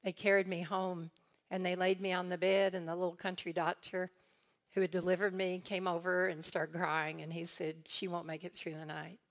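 A woman's voice: fairly low pitch, level tone, moderate pace. A woman from eastern Kentucky teaching a church congregation, telling family stories and acting out the people she quotes. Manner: storytelling, acts out quoted voices with laughs. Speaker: guest teacher.

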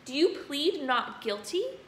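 A woman puts on a bullying storybook headmistress who roars insults in a bright, forceful voice. Her shouting rings around a roomy, echoey space with faint noise behind. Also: sits high, sing-song, unhurried, pitched above the performer's own voice, full character voice. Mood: furious. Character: tyrannical hulking headmistress, bellowing and cruel.

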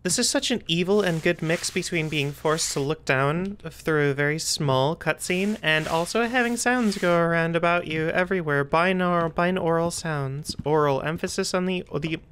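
A woman with a fairly low voice talks through a horror game, chatty and full of fillers. She startles easily and breaks into nervous outbursts. Her throat sounds a little rough, and a faint hiss sits under the recording. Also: normal speed, hardly any pauses, a bit bright. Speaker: gaming streamer.

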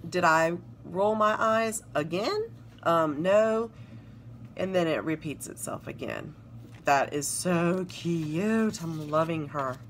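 Slow-talking Southern woman vlogger. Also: on the low side, slight background noise. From South Carolina, US. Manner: gushing, reads sticker phrases aloud. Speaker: planner sticker vlogger. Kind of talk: casual show-and-tell narration.

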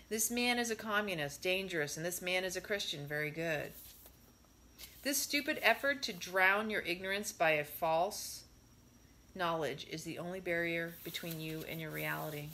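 A woman reading a spiritual discourse aloud in a measured way, stressing her rhetorical questions. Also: on the low side, pushed and bright.

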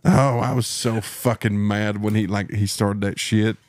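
Ranting through a casual story, this podcast host with a Texan accent swears, gets heated, and ridicules the people involved. He speaks at a measured pace in a fairly low, darkish voice with a steady tone, recorded dry.

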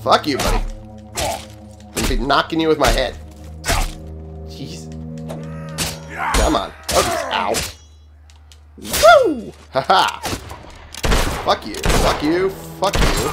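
A man's voice: medium pitch, very animated, slow pace, long pauses. A man giving casual, profane commentary while playing a video game, sarcastic and exclaiming at enemies as he fights. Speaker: gaming channel host. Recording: game music behind voice.

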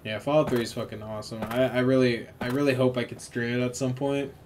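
A tired man streaming a video game, chatting casually, swearing freely and reacting loudly to the action. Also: medium pitch, flat delivery, fast. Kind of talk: casual live gameplay commentary. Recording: noticeable background noise.

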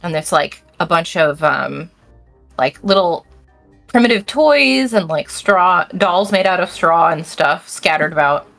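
Woman game master, lively voice. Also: fairly low pitch, unhurried, creaky, soft background music. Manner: casual, many fillers. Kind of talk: narrating a tabletop game.

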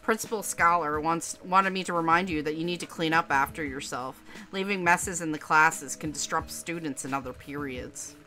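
A woman's voice: deep voice, normal speed, pushed and bright, faint music behind. Woman reading a preachy, scolding male student. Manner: lecturing, scolding.

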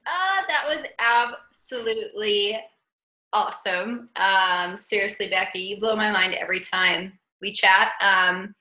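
A woman's voice: medium pitch, unhurried, pushed and bright, reverberant. A woman from Canada hosting a team call, gushing and enthusiastic. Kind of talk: team call, casual chat.

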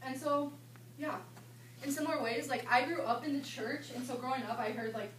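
A young woman in her twenties, a campus ministry intern, leading an informal seminar with chatty, animated storytelling. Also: sits high, fairly quick. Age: 20s. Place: indoor meeting room at a retreat. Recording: echoey room, mic far off, background hum.

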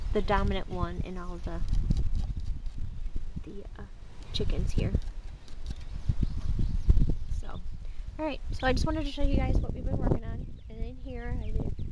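Woman filming her backyard coop, chatty and easygoing, birds and outdoor noise behind her. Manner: chatty, talks to her birds in a high coaxing voice. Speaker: vlogger. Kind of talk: casual show-and-tell vlog. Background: chickens and ducks.

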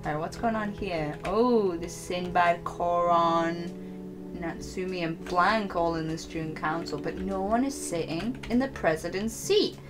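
A young woman voicing her lead character in an improvised game role-play, excitable and giggly, sliding into whiny squeals. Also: on the low side, a little slow, music in the background.

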